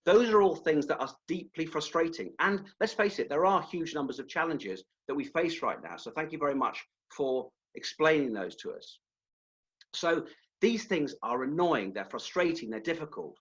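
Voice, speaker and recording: A man leading a webinar as a presentation skills trainer, animated and demonstrative, sometimes correcting himself mid-phrase. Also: mid-range voice, moderate pace, lo-fi sound.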